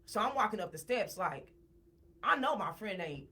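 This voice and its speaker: As a podcast guest, this woman relates a personal story casually and with plenty of animation, repeating words once she's worked up. She speaks in a mid-range voice at normal speed.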